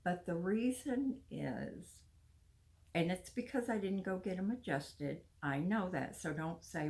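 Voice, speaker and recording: A woman's voice: lowish voice, lively intonation, measured pace, a little mellow. A chatty older woman, talking casually to her viewers and laughing now and then. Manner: chatty, confiding, laughs often. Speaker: vlogger. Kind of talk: casual talk to camera.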